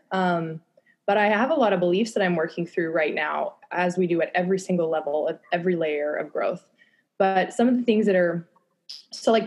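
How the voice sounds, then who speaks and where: A woman's voice: lowish voice, darkish tone. A young woman talking candidly on a podcast, casual, with lots of fillers and swearing. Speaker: guest.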